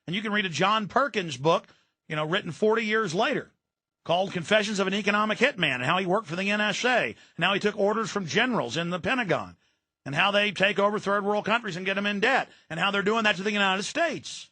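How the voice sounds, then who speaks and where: A man's voice: high voice, lively intonation, fast, bright, forceful tone, dry recording. A man hosting a radio talk show, delivering an intense, ranting political monologue and repeating words when worked up. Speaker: radio host.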